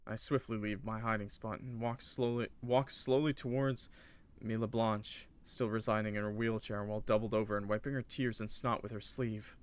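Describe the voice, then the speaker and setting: A man's voice: lowish voice, flat delivery, moderate pace, smooth. A man reading a visual novel aloud as a gaming streamer, with joking asides to his chat. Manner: narrates, then cracks joking asides to chat. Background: loud game music.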